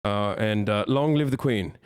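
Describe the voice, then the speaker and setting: A man's voice: lowish voice, measured pace, smooth, lightly acted. A man doing a mock British accent as a blustering male prime minister, stumbling over fillers and slang. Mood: bumbling.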